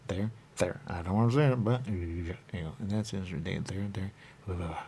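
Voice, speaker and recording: Low gravelly man in a rambling monologue. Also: moderate pace, warm tone, a little hiss or hum. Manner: repetitive, rambling, repeats catchphrases. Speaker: radio show host.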